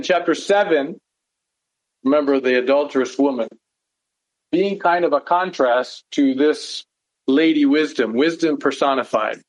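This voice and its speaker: A man's voice: on the high side, rough recording. A man preaching a conversational sermon, earnest, often asking rhetorical questions and checking in with "right?". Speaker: pastor teaching a Bible study.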